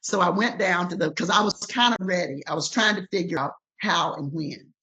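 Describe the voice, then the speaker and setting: Older woman guest, husky and animated, recounting memories on a muffled recording. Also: lowish voice, fairly quick. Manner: emphatic, animated retelling with voiced quotes. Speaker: interview guest. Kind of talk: storytelling in conversation.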